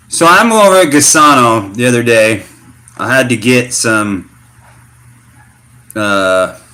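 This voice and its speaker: A middle-aged man from the United States, telling a story in a loose, slangy way for his vlog. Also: mid-range voice. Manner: slangy, animated storytelling with fillers. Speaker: vlogger. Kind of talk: casual rambling vlog talk.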